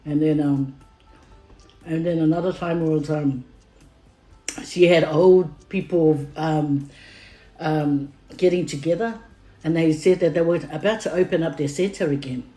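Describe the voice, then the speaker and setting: Middle-aged Samoan woman, vlogger, rambling story with lots of "um"s, low voice, echoey room, faint music underneath. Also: fairly even intonation, measured pace, pauses often, dark tone. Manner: rambling, many fillers, heated when retelling. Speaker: family vlogger. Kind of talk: casual storytelling to camera. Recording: roomy echo with faint music.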